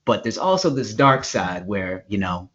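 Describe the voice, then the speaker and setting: A man's voice: on the low side, big pitch swings, a bit bright, slightly rough. A man co-hosting a casual podcast, chatting loosely with lots of fillers and restarts. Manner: rambling, halting with fillers and restarts. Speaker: podcast co-host. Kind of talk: casual banter, wine tasting chat. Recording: dull lo-fi podcast audio.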